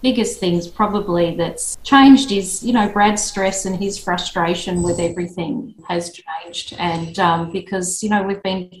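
A woman's voice: fairly low pitch, steady tone, unhurried, few pauses. Thoughtful woman, echoey room. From Australia. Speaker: business co-owner, guest. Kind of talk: reflective interview conversation.

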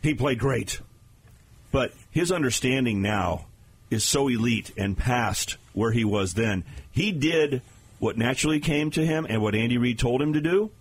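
A man's voice: medium pitch, breathy edge. A man talking as a guest analyst on a sports radio show, explaining plays in an emphatic way.

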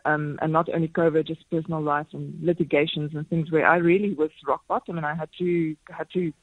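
A woman in her forties, a radio guest telling stories in a lively, self-deprecating way, laughing often. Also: low voice, brisk, no room sound, narrow, tinny audio. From South Africa. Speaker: marathon swimmer and speaker, radio guest. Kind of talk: casual radio interview chat. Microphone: phone line into radio studio.

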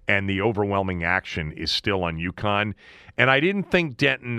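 A man's voice: fairly low pitch, bright, forceful tone, dry recording, clean studio sound. A man hosting a casual sports betting chat, talking loosely with fillers and restarts. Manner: conversational, frequent fillers and restarts. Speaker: sports betting show host.

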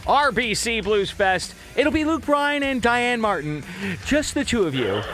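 A man's voice: extremely high pitch, sing-song, measured pace. A man hosting a morning radio show in casual, jokey chat, laughing often.

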